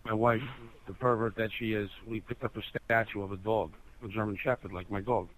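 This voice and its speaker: A man's voice: fairly low pitch, fairly even intonation, a little fast, a bit bright, low-quality recording. A man with a New York accent in casual chat with friends, blunt and profane, rambling on.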